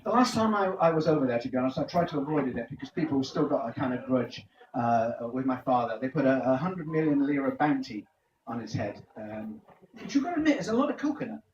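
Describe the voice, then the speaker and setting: Lively stand-up comic in an echoey room. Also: male voice, medium pitch, quick pace, lo-fi sound. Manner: punchy joke-telling, quizzes the audience. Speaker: stand-up comedian. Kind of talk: stand-up comedy set. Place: live comedy venue. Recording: echoey, distant, noisy room recording.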